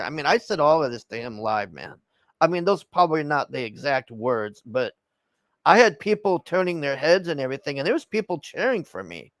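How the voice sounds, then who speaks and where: A man's voice: a little high, very animated, a little fast, dry recording. A man telling an angry story in a heated, profane rant, tagging his lines with "man". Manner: heated, swears constantly, tags lines with "man".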